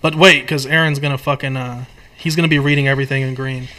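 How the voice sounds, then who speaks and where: A man's voice: mid-range voice, steady tone, fast, pushed and bright, a little hiss or hum. A man hosting a casual podcast chat, eagerly organizing and explaining things to his friends.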